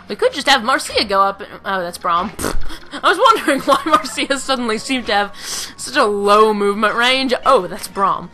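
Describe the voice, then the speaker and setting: Bright, lively woman commenting on gameplay. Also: mid-range voice. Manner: rambling, self-mocking, giggly. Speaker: let's play commentator.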